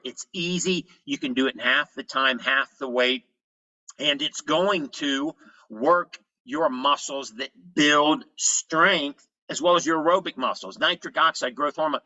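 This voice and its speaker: A man's voice: mid-range voice, bright, forceful tone, no echo, lo-fi sound. A man doing an upbeat doctor friend. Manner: encouraging, reassuring. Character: upbeat male doctor friend coaxing a patient.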